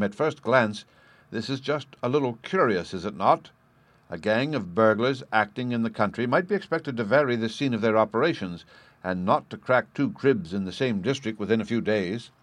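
A man voicing a thoughtful, drily amused detective who reasons in a measured way, in an audiobook reading. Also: lowish voice, no echo, close to an everyday voice. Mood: musing. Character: sharp, languid male detective, thoughtful and dry.

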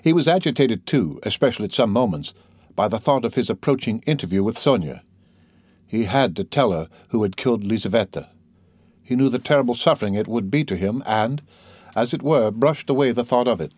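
Male narrator, mid-pitched, measured reading, dry close sound. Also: lively intonation, a little mellow, slightly rough, no echo. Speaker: audiobook narrator. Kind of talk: scripted narration.

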